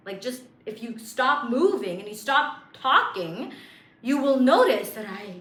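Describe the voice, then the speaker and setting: A woman's voice: a little high, expressive, moderate pace, fairly bright tone, roomy sound. A woman coaching viewers on manifestation in a chatty, playful way, with lots of fillers and self-amused asides. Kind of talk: casual spiritual coaching monologue.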